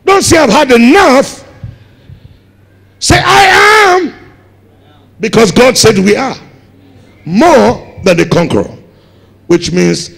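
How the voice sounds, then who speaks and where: A Ghanaian man preaching a sermon as pastor, building up to shouted emphasis on key words. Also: high-pitched, creaky, slightly rough. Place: large church hall. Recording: long hall reverb.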